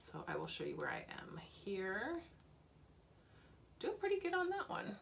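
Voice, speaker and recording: A woman's voice: mid-range voice, huge pitch swings, unhurried, creaky, a bit bright, slight background noise. A woman beauty vlogger talking casually and candidly about makeup she is using up, with fillers and small laughs. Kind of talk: casual chat.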